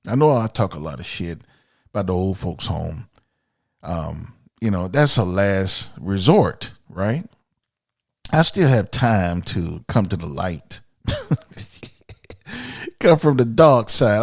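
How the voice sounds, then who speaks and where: A man's voice: lowish voice, gravelly, no echo, studio quality. A man from Miami hosting a podcast, ranting bluntly and profanely in an opinionated solo monologue. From Miami, USA. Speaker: podcast host.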